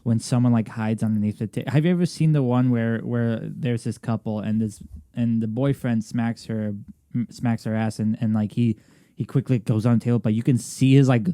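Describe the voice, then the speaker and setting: A man's voice: medium pitch, steady tone, moderate pace, mellow, clean tone, no room sound, clean studio sound. A young man co-hosting a podcast, rambling through casual chat with many restarts. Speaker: podcast co-host.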